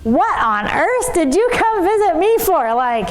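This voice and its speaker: A woman's voice: very high voice, very animated, unhurried, slight background noise, voice pushed up, exaggerated voice. A woman doing a flustered, sarcastic king. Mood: incredulous. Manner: incredulous, sarcastic.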